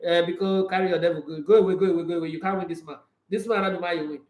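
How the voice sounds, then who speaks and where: A Nigerian man with a high voice fires off casual sports talk at a rapid clip on his livestream, laughing often and mixing Pidgin with English. The room echoes as if bare, and the high frequencies are cut off.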